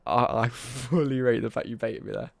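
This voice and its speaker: A man's voice: medium pitch, steady tone, normal speed, creaky, dry recording. A young British man ranting on a casual live stream, sweary and worked up.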